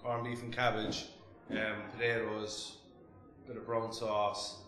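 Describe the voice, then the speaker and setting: A man's voice: fairly low pitch, level tone, slow pace, fairly bright tone, roomy sound, low-quality recording. A young Irish man chatting casually as a podcast guest, laid-back, swearing freely and laughing often. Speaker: podcast guest, food reviewer. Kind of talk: casual chat.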